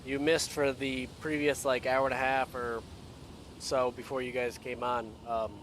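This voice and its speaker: An easygoing man of middle pitch chats about a game and often trails off when unsure. A steady background noise sits under his voice. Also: unhurried. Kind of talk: casual gaming chat.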